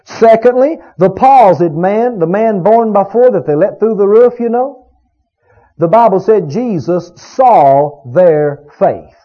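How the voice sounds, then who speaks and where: A man's voice: high voice, animated, takes it slowly. A man preaching a sermon, emphatic and full of rhetorical questions to his congregation. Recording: dull lo-fi recording.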